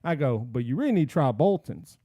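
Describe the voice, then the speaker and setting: A man with a dark, mellow voice tells a story on a podcast in a casual way. He acts out each line people said to him. His voice is recorded dry and close. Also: medium pitch, fairly quick, husky, dry recording, muffled recording. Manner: animated storyteller acting out quotes. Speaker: podcast host.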